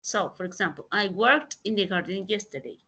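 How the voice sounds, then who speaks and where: A woman teaching an English grammar lesson over a video call, explaining slowly and deliberately. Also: mid-range voice, expressive, sharp tone, husky, rough recording. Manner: slow, deliberate explanations with Spanish translations. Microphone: computer mic in a video call.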